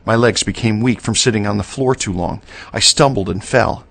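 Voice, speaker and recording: A man reading a horror story aloud in a slow, measured storytelling manner. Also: fairly low pitch, gravelly, a bit bright. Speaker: narrator. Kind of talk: scripted horror narration.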